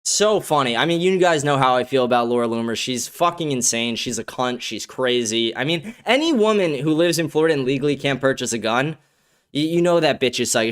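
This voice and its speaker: A man's voice: medium pitch, lively intonation, fairly quick, clear, resonant tone. A man hosting a casual livestream commentary show from a studio, crude and profane, laughing often. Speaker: host.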